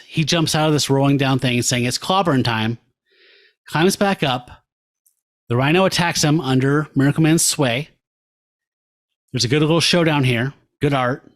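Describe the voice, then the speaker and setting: A man co-hosting a podcast, casually retelling a comic story and acting out its characters' lines with laughs. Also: a little high. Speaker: podcast co-host. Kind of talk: casual comic recap chat.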